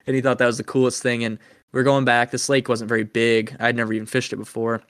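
A man's voice: medium pitch, brisk, dry recording, clean studio sound. A young man hosting a podcast, telling a story in casual chat and acting out the quotes. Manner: animated storyteller, acts out quotes. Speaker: podcast host.

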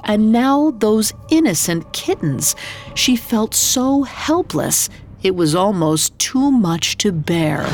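A woman's voice: fairly low pitch, creaky. A woman narrating a folklore tale in a scripted, dramatic storytelling delivery. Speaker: podcast narrator. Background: faint music.

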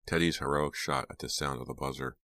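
A man reading an audiobook aloud in a steady, measured way. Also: extremely low pitch, no room sound. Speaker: audiobook narrator. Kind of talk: scripted audiobook narration.

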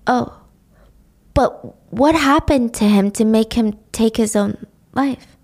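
A woman's voice: on the high side, takes it slowly, darkish tone. A woman voicing a confused, upset young woman of about twenty-five who pleads in a raised voice. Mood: puzzled.

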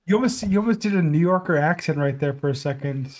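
A man's voice: on the high side, fast talker, a little mellow. A man co-hosting a podcast, teasing the others and steering the talk with questions. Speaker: podcast co-host. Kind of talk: casual chat.

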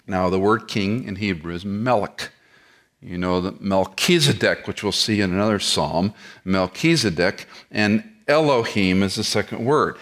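The pastor, a middle-aged man with chronic back pain, teaches an expository sermon in an unhurried, expressive voice that sits on the low side yet sounds a bit bright. He moves through the text verse by verse, asking rhetorical questions along the way.

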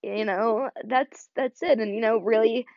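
In a measured, steady way, a young adult woman with a voice on the high side pours out a heartfelt solo podcast monologue. She's near tears, earnest, and rambling, leaning on "like" and "you know." No echo; the audio is dry and a little dull, lo-fi.

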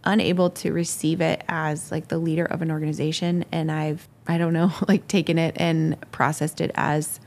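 A woman's voice: sits low, flat delivery, normal speed, creaky, hardly any pauses, darkish tone. A woman ministry leader who answers questions in a rambling, self-reflective way.

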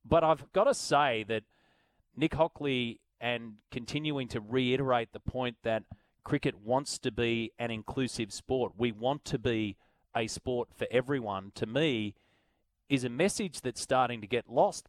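A man with an Australian accent hosting talkback sports radio, chatty, and animated when he reads out listener messages. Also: medium pitch, moderate pace, no echo.

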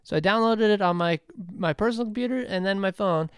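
Animated storytelling man on a podcast. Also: sits high, quick pace, clean tone, dry recording, clean studio sound. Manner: animated storyteller, acts out quotes, laughs often. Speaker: podcast co-host. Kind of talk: casual chat.

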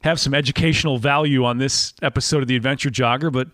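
A man's voice: medium pitch, fairly even intonation, fast talker, a bit bright, no room sound, studio quality. A man with a neutral broadcast voice, hosting a casual interview podcast in an upbeat, playful way. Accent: none, neutral broadcast. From Wisconsin. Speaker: podcast host.

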